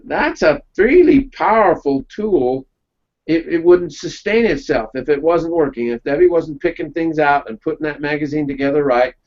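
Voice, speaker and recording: A man's voice: a little high, darkish tone. A man presenting a webinar, telling folksy business anecdotes in a casual round-table chat and checking in with his listeners. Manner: folksy storytelling, checks in with "okay?". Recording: dull lo-fi recording.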